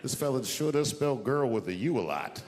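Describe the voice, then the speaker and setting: A middle-aged man doing stand-up on a theater stage, telling stories animatedly and shouting some punchlines. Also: mid-range voice, moderate pace, over music. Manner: animated storytelling, swings to loud shouted punchlines. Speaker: stand-up comedian. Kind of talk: stand-up comedy routine. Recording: big hall, loud crowd and noise. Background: audience laughter and applause.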